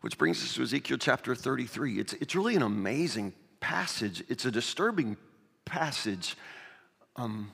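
A man's voice: medium pitch, big pitch swings, normal speed, creaky, a bit bright, slightly rough. A man preaching a sermon, first reading scripture aloud, then telling a children's fable in a loose, repetitive way. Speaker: pastor. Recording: long reverb of a hall.

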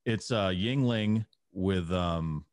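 Low, laid-back man chatting over beers. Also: slow pace, no room sound, clean studio sound. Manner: rambling, laid-back, says uh a lot. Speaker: podcast co-host. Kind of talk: casual chat over beers.

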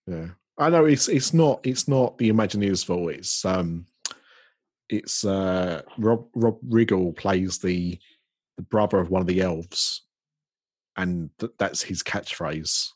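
A man's voice: low voice, slow, slightly rough, dry recording. A British man hosting a casual podcast chat, rambling easily with many ums and restarts. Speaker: podcast host.

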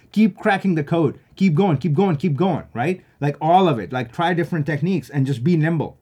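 Animated, chatty young man. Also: a little high, brisk, few pauses, husky. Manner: animated, enthusiastic, peppered with "like" and "right?". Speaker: creative freelancer giving career advice. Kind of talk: casual advice vlog.

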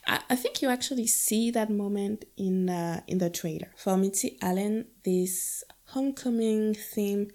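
A woman's voice: mid-range voice, measured pace, hardly any pauses, darkish tone. A young adult woman from Guadeloupe, talking reflectively and casually about a film with playful asides. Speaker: film discussion host.

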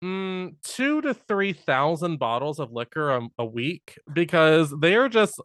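A man co-hosting a podcast in casual chat, animated and laughing often. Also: a little high, a little slow, clear, resonant tone, no room sound, studio quality. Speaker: podcast co-host.

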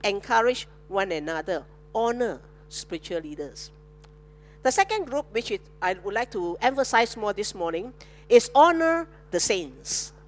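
A woman pastor, preaching a sermon with animated call-and-response to her congregation. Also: mid-range voice, normal speed.

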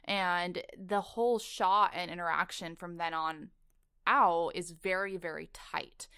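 Gravelly, crisp-voiced podcast co-host woman. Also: on the low side, unhurried, no room sound, studio quality. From not from Los Angeles. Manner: animated, acts out lines from the film. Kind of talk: casual podcast chat.

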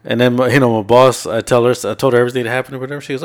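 Talking very fast with hardly a pause, a man with a medium-pitched voice co-hosts a podcast. He swears freely while recounting long stories from his week, impersonating what others said and laughing along in a lively, casual way.

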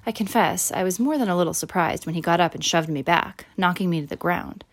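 A woman with a lower, unhurried voice reads a first-person children's story aloud. She narrates steadily and lifts her voice brightly whenever a character speaks. Her storytelling is plain and clear. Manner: voices characters with raised pitch and louder quotes. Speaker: audiobook narrator.

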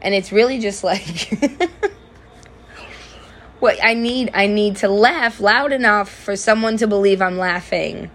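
A young woman hosts her own podcast in a loose, unscripted monologue. She talks candidly and swears freely, and loud bursts of laughter keep breaking into her stories. Her voice sits at an ordinary middle pitch. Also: normal speed, few pauses, a little hiss or hum. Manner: profane, candid storytelling with frequent loud laughs. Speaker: podcast host. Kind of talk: casual monologue.

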